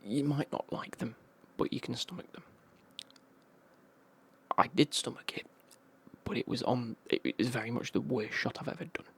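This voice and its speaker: A man from England with an English accent, telling a casual travel story in a whispered ASMR style, in a husky whisper with slang. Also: medium pitch, normal speed, pauses often. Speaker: ASMR creator.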